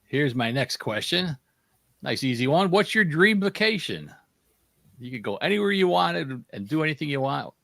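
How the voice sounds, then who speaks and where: A man hosting a casual panel chat, telling stories in an animated way. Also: fairly high pitch, moderate pace, creaky, dry recording. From United States. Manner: animated storyteller who acts out quotes. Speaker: host.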